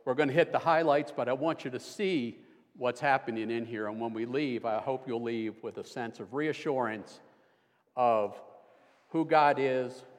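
Older guy filling in for the pastor, easygoing sermon with dry jokes, mid-pitched voice ringing out in a big church. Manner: dry self-deprecating humor, conversational. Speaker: guest preacher. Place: church sanctuary. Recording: long hall reverb.

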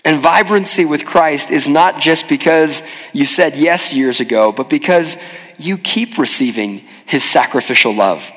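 A man's voice: on the high side, measured pace, fairly bright tone. A man, a pastor, preaching a sermon in a conversational storytelling manner with emphatic rises, with a long hall reverb.

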